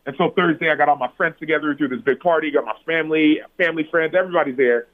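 Animated man on a phone-like line. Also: racing. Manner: animated, acts out his own past words with big pitch jumps. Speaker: podcast guest, former pro football player. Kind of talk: personal storytelling in an interview. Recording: phone-like narrow audio.

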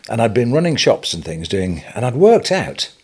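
An older English man, a retail businessman, telling stories as a guest on an interview podcast, animated and chuckling as he goes. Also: mid-range voice, moderate pace, slightly rough. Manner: animated anecdotal storytelling, chuckling. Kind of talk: storytelling interview.

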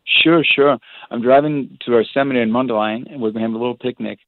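A man, a priest, telling stories in a rambling, animated way with many restarts, heard over a phone line. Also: medium pitch, quick pace, no room sound. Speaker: priest, guest. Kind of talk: casual storytelling on a phone-in show. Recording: tinny phone line, dry.

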